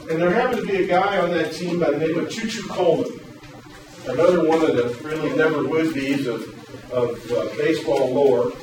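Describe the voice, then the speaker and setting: A male workshop presenter telling a story in a lively way, then explaining a program, recorded from a distance in a large room. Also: a little high, moderate pace. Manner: animated storyteller, loud acted quotes. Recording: echoey hall, distant mic, room noise.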